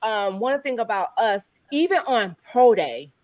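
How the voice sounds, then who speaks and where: A woman hosting a casual livestream chat, animated and teasing, laughing often. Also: on the high side, a little slow, no echo. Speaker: host.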